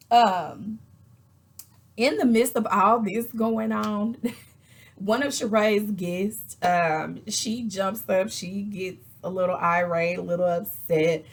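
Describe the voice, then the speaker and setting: Lady ranting about a reality show episode, husky voice, mid pitch. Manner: chatty and animated, acting out quotes with exasperated asides. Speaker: reality TV reviewer. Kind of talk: casual chat, recapping an episode.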